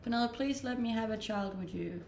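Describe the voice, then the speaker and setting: A young woman with a Danish accent talks easily to her livestream viewers. She answers their questions and laughs often. Her voice has a gravelly fry and sits in an echoey room with a faint ambient hum. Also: a little high, a little fast, darkish tone. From Denmark. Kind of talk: casual chat reading viewer messages.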